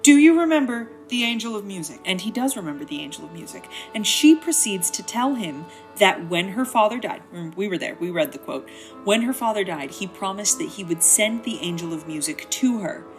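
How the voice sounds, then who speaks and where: A woman's voice: fairly low pitch, animated, a little fast, faint music behind. A woman hosting a comedic book synopsis, narrating in a wry, chatty, slangy way. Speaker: host.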